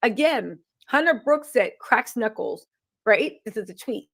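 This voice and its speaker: A woman's voice: a little high, expressive, moderate pace, a bit bright. A woman co-hosting a live show, reading news items aloud and adding sarcastic, wry asides.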